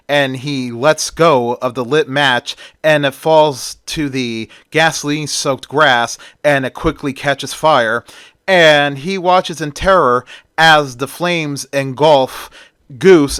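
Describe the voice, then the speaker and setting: A man's voice: mid-range voice, pushed and bright, clean tone, no room sound, studio quality. A man narrating an amateur fan story in a plainspoken, run-on way.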